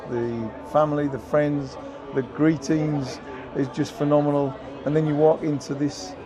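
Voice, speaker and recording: A man's voice: fairly high pitch, rough recording. An older man, a former footballer, giving a heartfelt, emotional interview outdoors at a stadium, piling up phrases with many ums.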